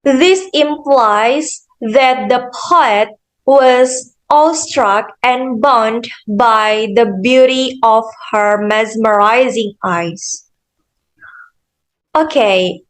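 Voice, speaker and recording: Slow, deliberate young woman presenting. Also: fairly high pitch, rough recording. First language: Indonesian. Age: young adult. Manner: deliberate, measured, with "okay" and "so". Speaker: student presenter. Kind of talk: slow explanatory class presentation.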